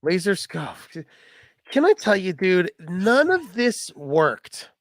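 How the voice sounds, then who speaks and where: Jokey man co-hosting, higher pitch. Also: big pitch swings, slow, fairly bright tone, no room sound, studio quality. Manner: jokey, riffing on bits. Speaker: podcast co-host. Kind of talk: casual chat.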